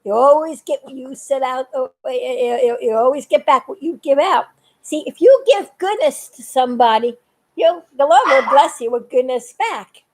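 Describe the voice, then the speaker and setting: High-voiced chatty older woman vlogger. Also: lively intonation, moderate pace, darkish tone, slight background noise, poor audio. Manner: chatty, laughs often, warns earnestly. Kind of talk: casual live video chat.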